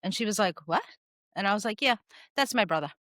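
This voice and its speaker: With a medium-pitched voice and a quick pace, a woman co-host shares stories on a podcast, animatedly imitating the people she quotes in casual conversation. The studio sound is clean with no room sound.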